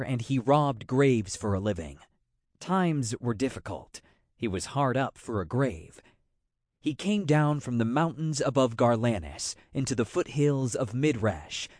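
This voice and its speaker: A man narrating a fantasy audiobook in a measured, wry storytelling manner. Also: medium pitch, darkish tone, no room sound, studio quality.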